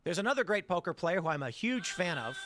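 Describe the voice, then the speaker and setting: A man's voice: sits high, sing-song, fast, background noise. A man hosting a talk show, telling stories in a rambling, conversational way with frequent restarts. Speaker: podcast host. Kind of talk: casual political commentary and storytelling.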